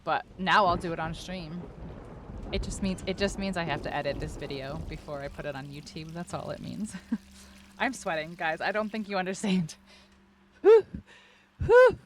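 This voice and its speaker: A woman's voice: on the low side, normal speed, fairly bright tone, a little hiss or hum. A woman streamer in casual live-stream chat, flustered and overwhelmed, gushing thanks to her viewers and tripping over her words, close to tears.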